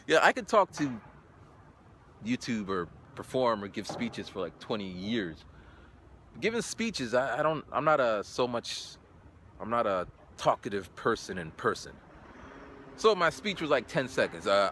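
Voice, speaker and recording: A man in his forties telling a story in a casual vlog, animated, and acting out sounds and voices. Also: measured pace, a little hiss or hum. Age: 40s. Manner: animated, acts out sounds and voices with big pitch jumps. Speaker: English teacher in Japan.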